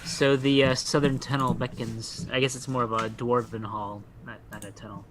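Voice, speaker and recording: Acting as game master, a man narrates a tabletop game in a mid-range, fairly bright voice with flat delivery and moderate pace. There is slight background noise, and his narration is loose, rambling, and full of fillers.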